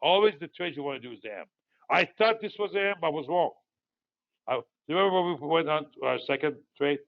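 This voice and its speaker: A man's voice: a little high, animated, fairly quick, vocal fry, phone-quality sound. A man in his sixties from Iran, host of a market commentary, talks casually and rambles through stories with many fillers. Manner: rambling, digressive storytelling with frequent fillers.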